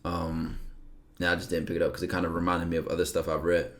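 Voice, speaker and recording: A man's voice: deep voice, completely flat delivery, quick pace. A young man livestreaming, talking casually and emphatically, with lots of profanity, and sometimes reading aloud from a book.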